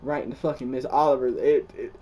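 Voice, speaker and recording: A young man casually telling the story of a dream, excitable, swearing often and restarting his sentences. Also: medium pitch, fast talker, dull audio. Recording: distant mic.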